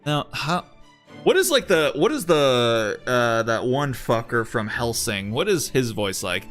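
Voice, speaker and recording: Brief: bright, animated guy live-streaming a game, loose and jokey with swearing. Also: mid-range voice, unhurried, faint music behind. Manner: animated, joking, swears often.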